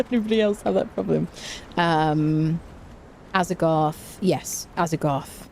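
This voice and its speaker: A woman's voice: lowish voice, slow, gravelly, a little mellow, slight background noise. Chatty self-mocking woman streamer. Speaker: streamer playing a survival game. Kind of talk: casual gameplay commentary.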